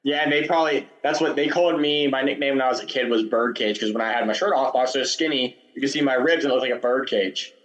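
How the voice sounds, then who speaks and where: A man with a middle-pitched voice talks casually as a podcast guest. He is easygoing and chatty, and readily agrees with his host. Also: quick pace, hardly any pauses, a bit bright, poor audio. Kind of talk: casual chat.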